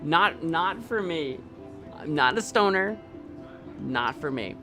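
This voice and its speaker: A man's voice: a little high, expressive, slow, music in the background. A young man streaming a video game live, rambling casually and talking back at the screen and his chat. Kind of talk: live gameplay commentary.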